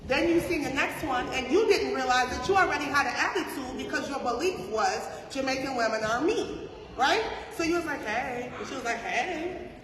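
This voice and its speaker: A woman teaching a class as a spiritual teacher, talking conversationally with rhetorical questions and "right?" checks. She swings between soft asides and loud emphasis. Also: high voice, fairly quick, noisy background. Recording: echoey hall from far off.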